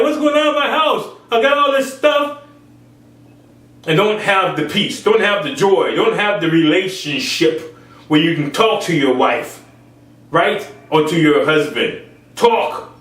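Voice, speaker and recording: A man's voice: on the high side, fairly bright tone. A man preaching an informal sermon, repeating phrases for emphasis and acting out other people's voices. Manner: acts out others' voices in raised tones. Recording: echoey room from far off.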